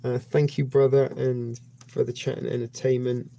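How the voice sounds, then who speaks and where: Brief: man, live-stream host, rambling jokey sign-off, mellow gravelly voice. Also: mid-range voice, little pitch movement, normal speed. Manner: rambling, jokey, thanking viewers. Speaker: livestream host.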